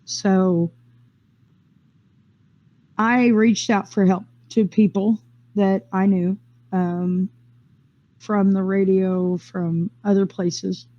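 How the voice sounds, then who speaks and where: A woman recounts her own experience in a loose, rambling way, full of fillers and restarts. Her voice is warm and mellow. The recording sounds dull and lo-fi. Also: medium pitch, little pitch movement. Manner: rambling, quick bursts with frequent fillers and restarts. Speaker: interviewee sharing a personal experience. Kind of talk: casual first-person storytelling.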